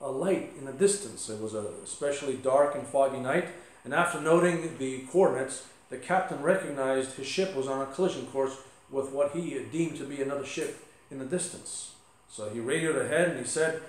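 A man's voice: mid-range voice, fairly quick. A male pastor giving a conversational sermon with asides and light humor. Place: church sanctuary. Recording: echoey church sanctuary.

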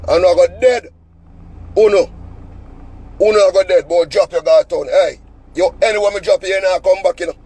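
Husky, high-voiced Jamaican man cussing. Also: fairly quick, long pauses, darkish tone, rough recording. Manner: heated, cussing, heavy patois. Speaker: vlogger. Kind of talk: angry storytelling rant.

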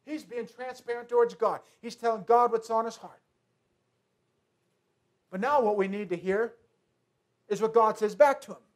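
High-voiced preaching man, emphatic and repetitive. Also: normal speed, long pauses. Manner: preaching with emphatic repetition, shifting between soft asides and loud declarations. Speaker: pastor. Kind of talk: sermon.

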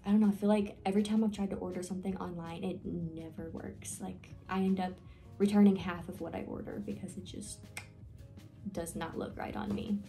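Young woman, casual vlog, rambling, lots of fillers, gravelly, faint background music. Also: lowish voice, fairly even intonation, fairly quick, mellow. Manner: rambling, filler-heavy, self-deprecating. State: nervous, with hiccups. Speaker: vlogger. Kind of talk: casual get-to-know-me vlog.

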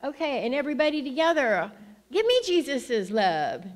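A woman's voice: high-pitched, big pitch swings, moderate pace, long reverb tail. A woman missionary giving a playful children's-moment lesson to a church congregation, coaxing them to repeat after her. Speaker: guest missionary speaker. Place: church sanctuary.

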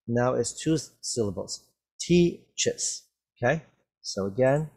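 A man leads an English vocabulary lesson at a very slow, careful pace, drawing out and repeating each word for his students. His pitch sits in an ordinary middle range, and he talks through a mask. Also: expressive, a little mellow. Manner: very slow, carefully enunciated, repeats words for learners. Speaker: English teacher. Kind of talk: slow classroom reading and vocabulary drill. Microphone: wears a mask while talking.

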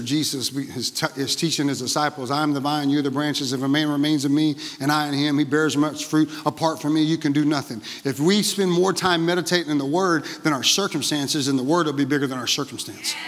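A male pastor preaching a lively sermon in a church, often calling out "Amen?" to the congregation. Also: on the high side, fairly quick. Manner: energetic, exclaiming, frequent "Amen?" to the congregation. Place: church sanctuary. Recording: long reverb of a large hall.

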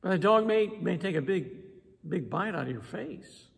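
A man preaching a sermon in an animated way, acting out voices and pausing for emphasis. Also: high-pitched, creaky, breathy edge. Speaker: pastor. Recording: long hall reverb.

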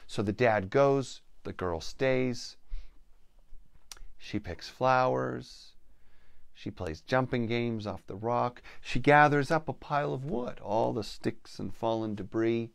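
A man telling a story to listeners with a spiritual theme, slow with playful asides. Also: medium pitch, creaky, no echo, studio quality. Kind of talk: storytelling talk.

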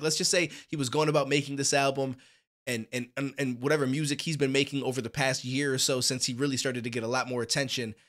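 A man hosts a music reaction video, talking casually and enthusiastically in a rambling way with many restarts. His voice is fairly high, a bit bright, stuffy, and nasal, recorded on a studio podcast microphone.

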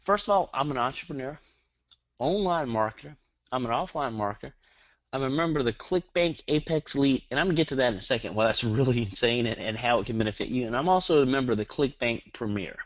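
A Southern-accented man runs a live webinar in a fast, hyperactive rush, peppering listeners with questions. His voice sits at an ordinary pitch. The sound is dry and a little dull, like a call mic. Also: no room sound. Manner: energetic, hyperactive, fires rhetorical questions at the audience. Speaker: online marketing webinar presenter.

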